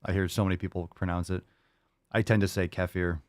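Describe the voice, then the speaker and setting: Man, deep voice, dry close sound, casual rambling podcast host, jokey. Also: level tone, quick pace, darkish tone, no room sound. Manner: loose and rambling, repeats himself, jokey asides. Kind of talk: casual chat answering listener questions.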